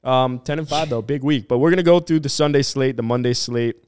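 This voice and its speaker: A man's voice: medium pitch, a little fast, darkish tone, clear, resonant tone. A man hosting a casual sports podcast, laid-back and jokey as he leads the game picks. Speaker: podcast host.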